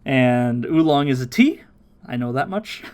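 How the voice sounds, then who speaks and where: A man hosting a podcast, casually recapping an episode with lots of laughter and quick silly voices. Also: medium pitch, expressive, darkish tone, smooth. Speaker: podcast host.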